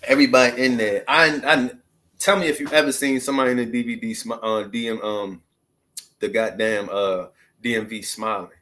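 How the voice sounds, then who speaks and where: A man in his thirties, originally from Maryland, talks straight to the camera in a loose, casual storytelling monologue. His speech is slangy and full of asides, and his voice sits at an ordinary middle pitch. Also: fairly even intonation, brisk, pushed and bright. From Maryland, USA. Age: 30s. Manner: loose, slangy street talk with many asides. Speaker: vlogger.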